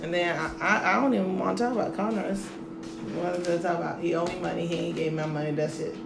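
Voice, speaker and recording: A woman co-hosting a casual podcast, telling stories in an animated way and laughing often. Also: fairly low pitch, fast talker, vocal fry, over loud music. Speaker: podcast co-host. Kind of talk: casual chat. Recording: echoey room with background noise.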